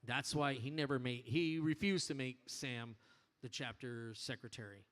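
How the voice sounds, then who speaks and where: A man addressing his motorcycle club in a bar, telling an animated, profane story in casual speech. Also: mid-range voice, normal speed.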